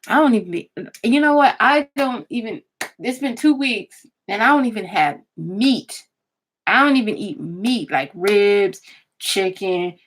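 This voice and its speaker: A woman's voice: mid-range voice, slight background noise. A woman vlogger, chatting casually and laughing often as she gossips and swears. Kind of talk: casual chat commentary.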